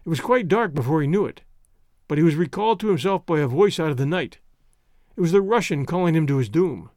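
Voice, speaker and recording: A man's voice: fairly high pitch, expressive, quick pace, a little mellow, no room sound. Man reading a story in a dry studio. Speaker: audio story host and reader. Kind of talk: scripted narration.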